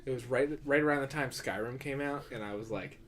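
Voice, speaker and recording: A man's voice: mid-range voice, a little fast, a bit bright. A man co-hosting a podcast, casually telling a funny anecdote in a laid-back way. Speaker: podcast co-host.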